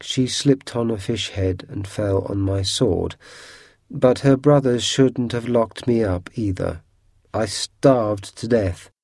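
Brief: mournful old male storybook ghost, deep and quivery, grumbles; a man reads the part in a dry, close sound. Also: takes it slowly, darkish tone, no room sound. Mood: weary. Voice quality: low and quivery. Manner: grumbling, self-pitying. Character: sad lonely old male ghost, sulky.

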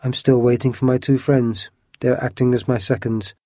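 A man voicing a cool, gracious and calm swordsman in a storybook reading. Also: mid-range voice, moderate pace, dry recording, clean studio sound, natural voice.

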